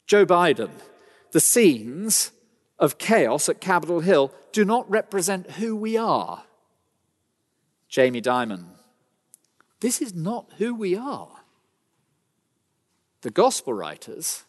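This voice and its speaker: Male preacher, fairly high and very lively voice, emphatic sermon delivery, long hall reverb. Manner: emphatic, rhetorical, dramatic pauses.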